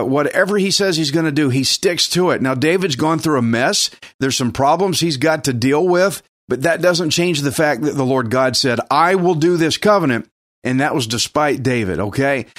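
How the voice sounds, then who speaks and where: A man's voice: mid-range voice, no room sound, studio quality. A man preaching an expository Bible sermon, who explains scripture in a plainspoken way and often asks his listeners questions. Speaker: pastor.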